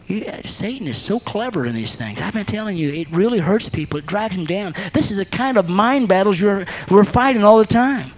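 A man preaching a sermon as a pastor and counselor, telling lively stories that act out little scenes with sound effects and laughing between his points. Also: high-pitched, fairly quick, hardly any pauses, rough recording.

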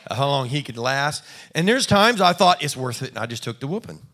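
A man's voice: medium pitch, big pitch swings, brisk, bright, forceful tone. A man preaching a sermon in a conversational, folksy way, acting out little quoted exchanges. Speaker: pastor.

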